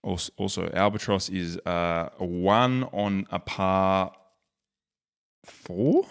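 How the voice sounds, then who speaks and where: Deep-voiced joking Australian man. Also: unhurried, clear, resonant tone. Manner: joking, rambling, self-mocking. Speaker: YouTube host. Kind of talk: casual screen-share commentary.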